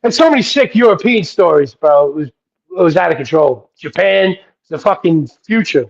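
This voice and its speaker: A man being interviewed as a guest rapper, telling excited, rambling anecdotes full of profanity. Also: high-pitched, moderate pace, vocal fry. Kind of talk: casual interview storytelling. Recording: dull lo-fi audio.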